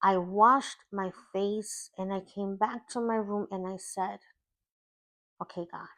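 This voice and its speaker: A woman life coach telling a personal faith testimony in slow, emotional storytelling with long pauses. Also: mid-range voice, steady tone, a bit bright.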